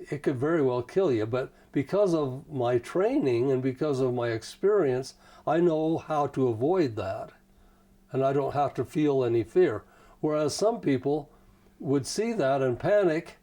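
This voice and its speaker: A male interview guest with a relaxed, mellow tone. He tells stories in a folksy, meandering way, dotting his talk with "you know". His pitch sits in an ordinary middle range. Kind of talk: casual conversational storytelling.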